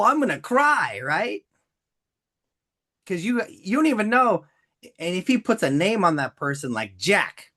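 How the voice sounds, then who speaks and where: A male business trainer talks to his live-stream audience with theatrical energy. His slightly high voice leaps up and down expressively, and he keeps acting out little dramatic quotes. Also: a bit bright.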